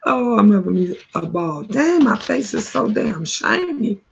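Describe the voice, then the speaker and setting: A woman hosting a casual live chat while eating, greeting viewers by name in a slow, drawling way. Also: a little high, very animated, creaky, slightly rough. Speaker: livestream host. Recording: dull lo-fi livestream audio.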